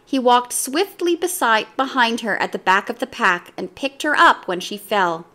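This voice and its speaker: Lively woman reading a children's book. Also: fairly high pitch, normal speed. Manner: lively, expressive read-aloud. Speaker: storyteller.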